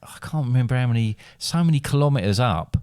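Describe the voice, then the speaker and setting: A man's voice: medium pitch, animated, fast talker, darkish tone, clear, resonant tone, no echo, studio quality. A man co-hosting a casual podcast, talking hesitantly with many restarts. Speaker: podcast co-host. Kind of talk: casual chat.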